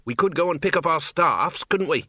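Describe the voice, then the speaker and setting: Guy doing a sniffy pompous wizard dean, sarcastic, bright crisp voice. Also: on the high side, lively intonation, normal speed, dry recording, voice pushed up, heavily acted. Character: pompous excitable male wizard dean, middle-aged.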